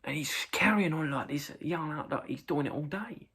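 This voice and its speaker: A middle-aged man with an English accent spins a loose, rambling story, full of "uh"s, and he breaks into loud acted quotes. His voice has a gravelly, husky edge to it. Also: a little high, fairly quick. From England. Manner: rambling anecdote with many fillers, jumping into loud acted quotes. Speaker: vlogger reacting to a video. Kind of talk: casual storytelling.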